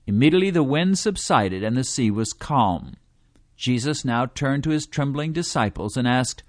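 A man reading a devotional teaching in a measured way, slowing down to stress quoted scripture. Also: medium pitch, expressive, no echo, studio quality. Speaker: preacher.

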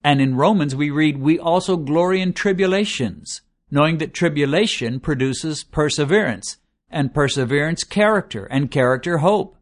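A man preaching a sermon in an earnest, measured way, slowing down to stress lists of words. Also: a little high, expressive.

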